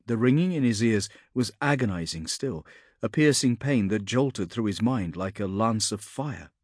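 A man narrating a fantasy audiobook in a steady, measured storytelling manner. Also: fairly low pitch, no echo, studio quality.

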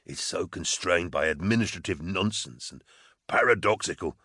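A man voicing a calm condemned male prisoner who speaks in a placid, reasoned, quietly detached way. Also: low voice, moderate pace, breathy edge, no echo, clean studio sound, exaggerated voice.

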